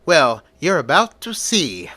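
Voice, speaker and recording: A learned old male vampire-hunting professor, as a man reading the story puts him on. He explains in a measured, lecturing manner, and the voice is bright and dry. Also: fairly high pitch, huge pitch swings, no room sound, heavily acted. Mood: explaining.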